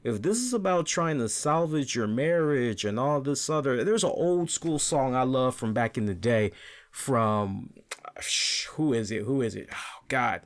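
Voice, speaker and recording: A man's voice: medium pitch, lively intonation, unhurried. A man hosting a wrestling review show, talking casually and with animation, often repeating words and asking "right?".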